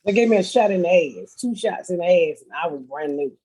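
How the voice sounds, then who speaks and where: A woman's voice: fairly low pitch, lively intonation, fast talker, mellow, a little hiss or hum. A middle-aged woman hosting a podcast, telling blunt, profane comedic stories in casual chat.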